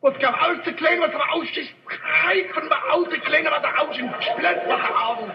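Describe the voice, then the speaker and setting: A blustering fake-German officer. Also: male voice, very high-pitched, moderate pace, vocal fry, voice pushed up. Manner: fake German gibberish, excitable. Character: blustering mock-German military officer, man. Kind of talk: 1950s live TV sketch comedy. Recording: echoey lo-fi old TV audio.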